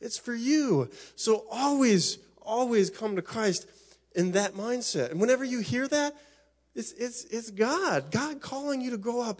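A man's voice: very high-pitched, animated, measured pace, a little mellow. A middle-aged man preaching a sermon as pastor, impassioned, often repeating and restarting his phrases.

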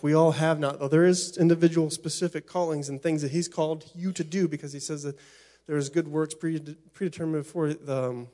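A man's voice: fairly high pitch, mellow. A middle-aged man preaching a sermon as pastor, impassioned, often repeating and restarting his phrases.

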